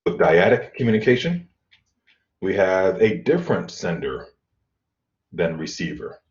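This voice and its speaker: A middle-aged man teaching an online college class, explaining in a relaxed way with fillers and throat clearing. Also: low voice, a little slow. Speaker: college instructor. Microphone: computer mic on video call. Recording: dull lo-fi video call audio.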